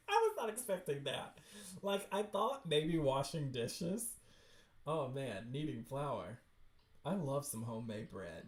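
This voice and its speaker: Brief: excitable woman host, slow-talking but animated, echoey room. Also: very deep voice. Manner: chatty, excitable, self-interrupting asides. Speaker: livestream host reading webcomics. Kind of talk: casual livestream chat.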